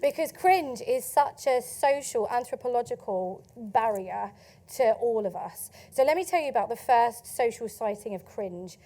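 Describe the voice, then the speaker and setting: Essex woman, conference speaker, high and bright, chatty, laughs easily. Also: normal speed. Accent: Essex English. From England. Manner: lively, chatty, laughs often, asks the audience questions. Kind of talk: keynote talk to a live audience. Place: conference stage.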